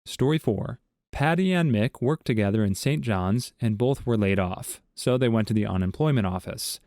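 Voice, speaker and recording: A man reading short jokes aloud as scripted narration, with a steady storytelling delivery. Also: on the low side, normal speed, no room sound, studio quality. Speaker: joke narrator.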